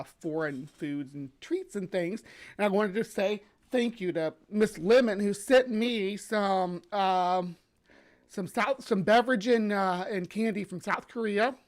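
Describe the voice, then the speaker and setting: A woman hosting a live stream in a bubbly, rambling, chatty way, her voice slightly hoarse from sinus drainage. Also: mid-range voice. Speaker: livestream host. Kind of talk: casual live-stream chat. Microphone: webcam setup.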